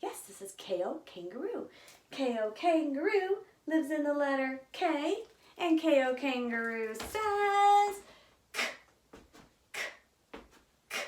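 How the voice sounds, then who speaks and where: A woman's voice: high voice, big pitch swings, unhurried, roomy sound. A woman teaching a phonics lesson to young children, sing-song and encouraging as she models each letter sound. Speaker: early literacy teacher.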